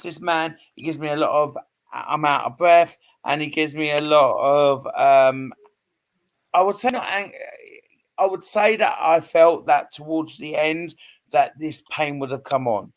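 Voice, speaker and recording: A man giving a live psychic reading, hesitant and repetitive, often checking in with "okay?". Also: on the high side. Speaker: psychic medium.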